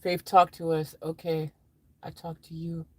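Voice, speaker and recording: Slow-talking woman live-streaming. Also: sits low, monotone, slight background noise, poor audio. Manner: playful, drawls, puts on silly voices and sound effects. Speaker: livestreamer. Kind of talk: casual live-stream chat reading viewer comments.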